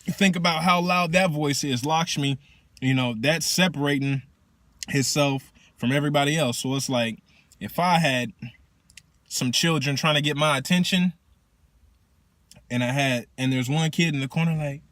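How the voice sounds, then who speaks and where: A man who works as a teacher casually explains spiritual practice in slangy, profane, animated talk. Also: on the high side, moderate pace, long pauses, dry recording.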